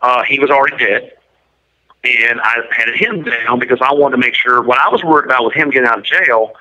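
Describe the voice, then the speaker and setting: A man's voice: medium pitch, a little fast, pushed and bright. Blunt man on a muffled line. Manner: blunt, matter-of-fact, detailed. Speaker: interviewee. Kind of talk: telling a story in an interview. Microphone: prison phone line.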